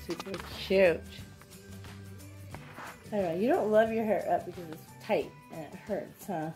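A woman's voice: medium pitch, unhurried, darkish tone, soft background music. Upbeat mom vlogger, chatty and playful, talking from her parked car. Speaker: vlogger and mother. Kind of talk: casual family vlog chat.

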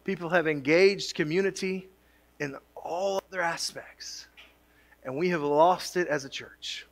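A man's voice: fairly high pitch, measured pace. A male pastor preaching a sermon in a church, mixing jokey asides with rising, emphatic build-ups. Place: church sanctuary.

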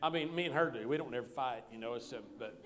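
A man's voice: medium pitch, quick pace, fairly bright tone. A man pastor, preaching a sermon in a folksy, conversational way with humor.

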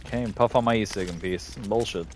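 A man's voice: lowish voice, fast, noisy background. A man streaming a horror game live, talking it through in a put-on English accent, swearing freely and chatting to the monsters. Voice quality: mock Cockney-style voice, swears freely, talks to himself and the monsters. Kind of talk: live gameplay commentary.

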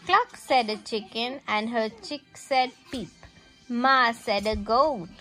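A woman reads a picture book aloud to her child, making the animal sounds as she goes. Her voice sits a little high and she takes it very slowly, with faint music playing underneath. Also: bright, forceful tone. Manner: slow, sing-song, with animal sounds. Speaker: parent reading to a child.

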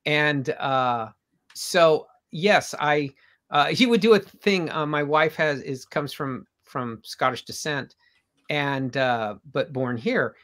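Speaking slowly in a voice on the high side, an older man rambles through long, warm anecdotes, often restarting. He is a comic artist guest in a casual interview.

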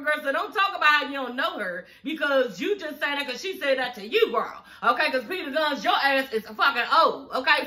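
A woman casually recapping a reality show in a profane, animated way, often saying "you know what I'm saying". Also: high-pitched. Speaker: TV recap vlogger.

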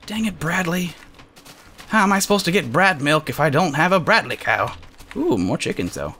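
An excitable man narrating his game with a bright, forceful tone and a pitch that leaps all over the place. He jokes around and yelps at sudden moments. A faint hiss of noise runs under the recording. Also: normal speed. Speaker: gamer host. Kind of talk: casual let's-play commentary.

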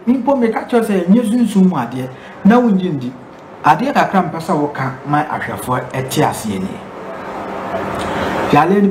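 A man conducts an interview on location, coaxing answers out of a woman with prompting questions. His voice sits a bit high for a man. It echoes around the room over clear background noise.

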